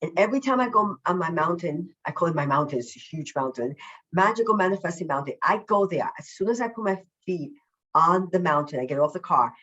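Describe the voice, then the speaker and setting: Effusive upbeat woman, low voice, dull audio. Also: animated, fairly bright tone. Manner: deliberately slowing her usual fast speech. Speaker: self-love coach, podcast guest. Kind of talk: casual podcast interview.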